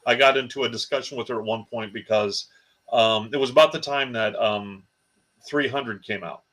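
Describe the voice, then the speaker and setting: Male co-host, mid-pitched, anecdotal storyteller with animated punchlines. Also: moderate pace, low-quality recording. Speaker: podcast co-host. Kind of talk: casual chat.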